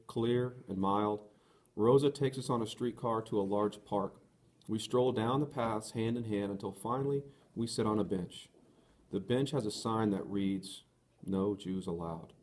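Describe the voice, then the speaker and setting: A man's voice: lowish voice, darkish tone. Earnest man reading a novel aloud. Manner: measured, earnest. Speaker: audiobook narrator.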